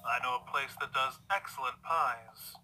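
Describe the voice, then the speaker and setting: A man's voice: mid-range voice, normal speed, over music, close to an everyday voice, rough recording. A man playing a dry, weary stallion guard. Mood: exasperated.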